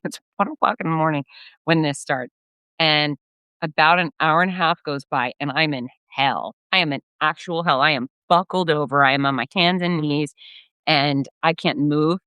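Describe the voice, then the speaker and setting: A middle-aged woman hosting her own fitness podcast, telling a personal story in a candid, animated way with some blunt swearing. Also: deep voice, moderate pace, smooth, dry recording. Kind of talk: casual solo storytelling.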